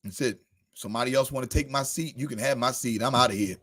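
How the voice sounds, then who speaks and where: A man's voice: mid-range voice, fast, a bit bright. A man preaching a sermon, addressing the congregation by name with rising and falling volume. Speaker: pastor.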